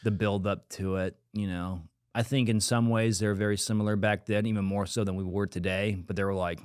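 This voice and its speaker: A man's voice: on the low side, little pitch movement, a little fast, hardly any pauses, darkish tone, smooth, dry recording, studio quality. A man hosting a podcast in casual chat, with wry, joking banter. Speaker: podcast host.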